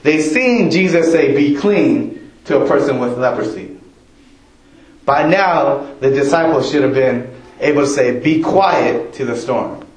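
A male preacher delivers a sermon in an easy, conversational way and keeps asking his congregation questions. He speaks at an unhurried pace. His voice carries the roomy echo of a church hall. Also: mid-range voice.

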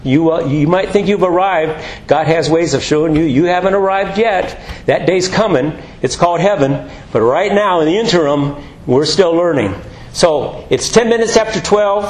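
A man's voice: fairly high pitch, normal speed, echoey room, low-quality recording. A man preaching a sermon, telling jokey stories and acting out voices. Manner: animated, jokey storytelling with acted-out voices.

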